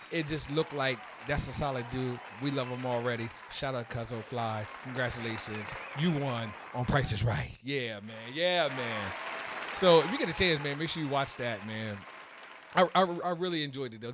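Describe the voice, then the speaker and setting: A man hosting a casual podcast, telling a story in an excitable, animated way that builds to loud peaks. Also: on the high side, noisy background. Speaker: podcast host.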